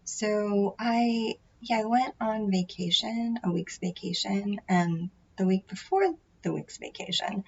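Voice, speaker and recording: A woman's voice: mid-range voice, slow, few pauses, a little mellow, breathy edge, dull audio. A woman tarot reader in casual chat, rambling and sometimes dropping into a whisper. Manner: rambling, drops into whispers at times.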